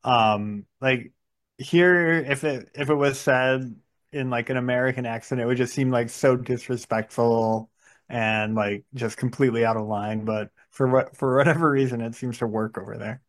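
A man's voice: medium pitch, fairly even intonation, normal speed. A man co-hosting a casual podcast, talking in a loose, rambling way with lots of fillers. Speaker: podcast co-host.

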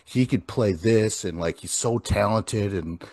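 Male podcast host, lowish voice, lively swearing storyteller, dry booth sound. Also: a little slow, dry recording. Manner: animated storytelling, swears a lot. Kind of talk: casual chat.

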